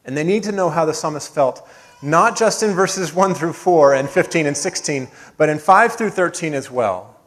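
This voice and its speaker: A man preaching a sermon as pastor, earnest, building to emphatic peaks and then dropping soft. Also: fairly high pitch, moderate pace. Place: church sanctuary.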